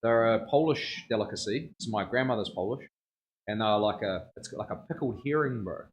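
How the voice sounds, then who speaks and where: A man's voice: on the low side, lively intonation, fairly quick, a little hiss or hum. A man, a tattoo artist chatting casually on a livestream, slangy and rambling, often laughing. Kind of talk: casual chat.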